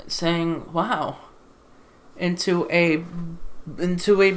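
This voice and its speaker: A woman's voice: lowish voice, steady tone, drawn-out words. A woman giving a casual, exasperated film review into a desktop USB microphone while seated at home, repeating herself and swearing. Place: sitting in a chair at home.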